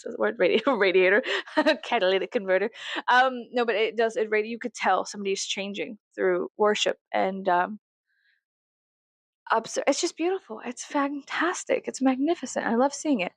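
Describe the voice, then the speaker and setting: A woman's voice: on the high side, vocal fry, no echo. A woman in her thirties from South Texas, rambling in a casual, profane, giggly monologue that swings to sarcastic mockery. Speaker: vlogger.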